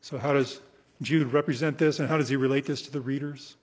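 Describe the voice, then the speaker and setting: A man preaching an expository sermon in a slightly husky voice. He leans hard on key words, slows right down for scripture readings and lets his phrases fade away. The sound carries a long reverb, as if from a large hall. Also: medium pitch, fairly even intonation. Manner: emphatic, slows for scripture, trails off softly at phrase ends.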